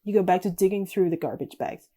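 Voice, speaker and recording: A woman streaming a text game, reading the story aloud evenly with quiet, casual asides. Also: fairly low pitch, expressive, fast talker.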